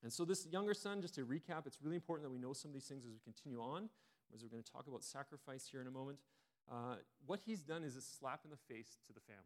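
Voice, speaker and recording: A man's voice: medium pitch, expressive, quick pace. A male preacher delivers his sermon like a chat with the congregation, in an ordinary mid-range voice. He often backs up and rephrases as he retells the story. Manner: conversational retelling with frequent restarts.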